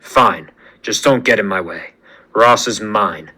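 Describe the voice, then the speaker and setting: A man doing a deep, stern warrior king. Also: slow pace, pushed and bright, husky, full character voice. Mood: grim. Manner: curt, commanding. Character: stern, regal African male king.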